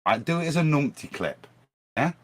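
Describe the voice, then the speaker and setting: Animated man arguing a point. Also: a little high, moderate pace. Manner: animated, argumentative, restarts phrases. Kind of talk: casual livestream discussion.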